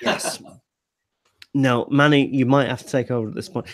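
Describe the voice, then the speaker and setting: A man hosting a casual livestream while tipsy, his words slurring a little as he rambles through fillers and false starts. He is on a video call, and his voice sounds close and dry. His pitch sits in the middle for a man. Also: fairly even intonation, moderate pace, dry recording. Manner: rambling with many fillers and restarts. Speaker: livestream host. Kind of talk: casual group livestream chat.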